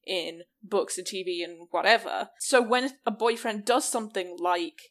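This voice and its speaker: A young woman co-hosting a podcast in casual chat, ranting with exasperation and animated emphasis. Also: medium pitch, normal speed. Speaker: podcast co-host.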